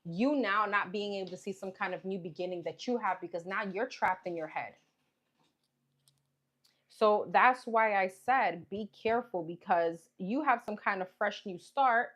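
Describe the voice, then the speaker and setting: A woman talks through a tarot reading in a loose, musing way, speaking her thoughts aloud and circling back with "okay" as each card comes up. Her voice sits at an ordinary middle pitch for a woman. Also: normal speed, a bit bright. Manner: chatty, musing, repeats "okay" and "what's coming up" while pulling cards. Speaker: tarot reader.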